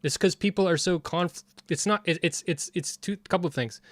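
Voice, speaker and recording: A man's voice: high-pitched, a little fast, no echo. A man commenting casually on a debate clip, heated and rambling with frequent restarts. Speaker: streamer reviewing a debate.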